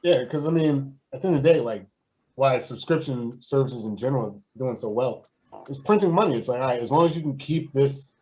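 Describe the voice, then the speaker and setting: A man's voice: medium pitch, a little fast, warm tone, low-quality recording. A man in casual podcast conversation, rambling in a laid-back way with plenty of fillers.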